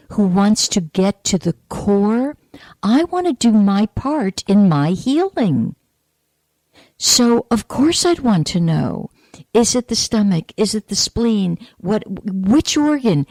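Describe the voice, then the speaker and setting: Middle-aged female radio host, mellow tone, conversational storyteller, dry close sound. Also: medium pitch, dry recording. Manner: chatty storytelling, animated quoted asides. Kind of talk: spiritual talk radio monologue.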